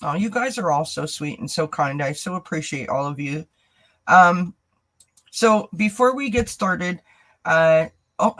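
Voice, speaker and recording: A woman's voice: fairly low pitch, animated, unhurried, a bit bright, low-quality recording. A woman hosting a tarot channel, chatting casually on a live stream, greeting viewers by name and laughing often. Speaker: tarot reader and channel host.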